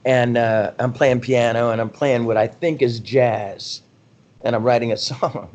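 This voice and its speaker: A middle-aged man, a rock singer as a guest, telling rambling, animated anecdotes in a casual interview, often laughing at himself. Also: mid-range voice, a little slow, muffled recording.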